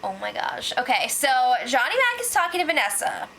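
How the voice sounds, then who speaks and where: A woman recapping reality TV for her vlog in a loose, gossipy way, dropping "like" into every other phrase. Her voice sits a little high and sounds bright and forward. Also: very animated, fairly quick, a little hiss or hum, poor audio. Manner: chatty, fills with "like", acts out quotes. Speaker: reality show recap vlogger. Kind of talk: casual spoiler recap.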